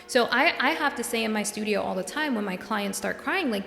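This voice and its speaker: A young adult woman from New York hosting a solo podcast, talking earnestly and getting worked up and animated. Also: a little high, fairly quick, gravelly, hardly any pauses, soft background music. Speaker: podcast host and coach. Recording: echoey room with long reverb.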